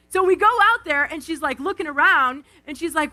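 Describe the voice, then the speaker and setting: A woman giving a lively devotional talk from an outdoor event stage, acting out quotes and calling on the crowd on a stage microphone. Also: very high voice, a little fast. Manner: animated, acts out quotes, calls on the crowd. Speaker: speaker at a live Christian event. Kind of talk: energetic devotional talk with storytelling.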